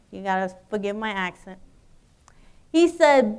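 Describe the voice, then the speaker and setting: A woman's voice: fairly high pitch, animated, measured pace, long pauses, a bit bright, smooth. A woman giving an encouraging motivational speech to students, speaking straight to the audience in a university hall. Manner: encouraging, addresses audience directly. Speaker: guest speaker. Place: university auditorium.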